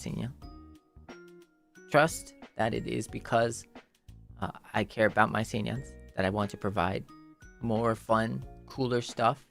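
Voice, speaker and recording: A man's voice: mid-range voice, vocal fry, fairly bright tone. A man chatting casually on his livestream in a playful, rambling way, full of "like" and repeated phrases.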